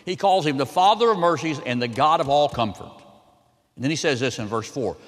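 A male pastor preaching a sermon, swinging between loud, emphatic lines and quiet ones. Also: a little high, animated, a little fast, long reverb tail. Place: church sanctuary.

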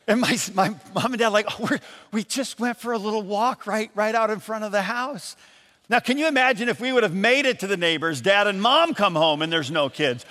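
A man from Michigan preaching a sermon as an animated storyteller, raising his voice when he calls out lines. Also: high voice, normal speed, big-room sound. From Michigan, USA. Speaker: pastor.

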